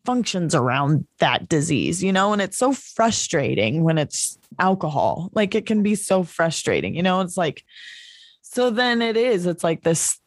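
Soft-spoken woman interviewer, dry sound. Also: fairly low pitch, big pitch swings, unhurried, no room sound. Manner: gentle, probing, many "like" and "you know" fillers. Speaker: podcast interviewer. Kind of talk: conversational interview.

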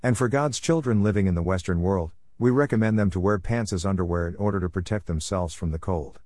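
A man's voice: sits low, brisk, a little mellow, no echo, studio quality. A man preaching an earnest, solemn sermon testimony about a vision of heaven.

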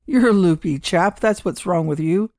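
A suspicious small-time gambler snaps back in short, blunt lines, voiced by a woman reading a story. The delivery is a touch louder and dry, with no room sound. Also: on the low side, normal speed, no echo, natural voice. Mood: curt suspicious. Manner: curt, blunt, uneasy.

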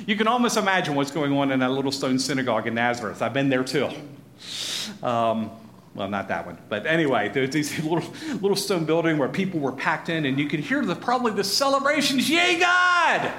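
Male Bible teacher, lively pitch, slightly high voice, echoey room, faint hiss. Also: brisk. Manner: animated, acts out crowd voices, chuckles often.

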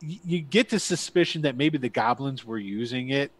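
A man's voice: mid-range voice, animated, normal speed, husky, no echo. Man rambling as a tabletop game master. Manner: rambling, many fillers and restarts.

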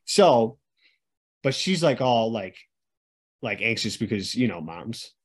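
Male podcast co-host, husky voice, animated casual storyteller, salty language. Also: mid-range voice, slow pace. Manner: animated storytelling, lots of swearing, acts out quoted people.

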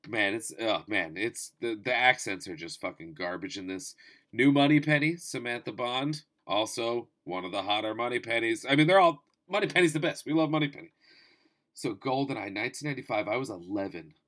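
A man in his thirties talking casually about movies, with wry asides, swearing, and sudden animated jumps in pitch and volume. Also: a little fast. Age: 30s. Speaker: movie reviewer. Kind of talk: casual spoken movie review.

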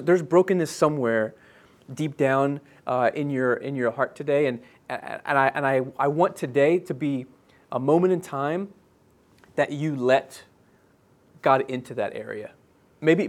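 A man in his thirties preaching a sermon as pastor, earnest and halting, with many restarts and fillers, dropping soft and slow on key phrases. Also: mid-range voice.

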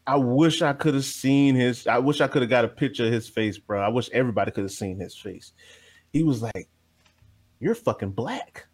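A man from New Jersey co-hosting a podcast, telling stories animatedly, laughing loudly and swearing freely. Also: medium pitch, a little fast. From New Jersey, USA. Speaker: podcast co-host. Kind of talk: casual podcast banter, storytelling.

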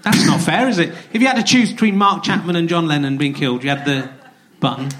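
A man's voice: fairly high pitch, fast, a bit bright. A middle-aged man hosting a live comedy podcast, throwing mocking questions and teasing interjections at his guest. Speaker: podcast host. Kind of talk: comic podcast hosting before a live audience. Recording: live room with crowd and noise.

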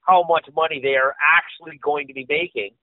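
A man's voice: fairly high pitch, a little fast. A Canadian man co-hosting a podcast, arguing and cutting in during casual political chat. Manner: argumentative, animated, interrupting. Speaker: podcast co-host. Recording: dry, tinny phone-like sound.

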